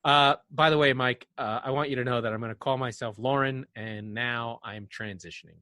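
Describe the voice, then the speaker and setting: A man's voice: mid-range voice, steady tone, brisk, sharp tone. A man from France co-hosting a podcast, chatting casually with a teasing, sarcastic sense of humor. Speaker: podcast co-host. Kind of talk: casual chat.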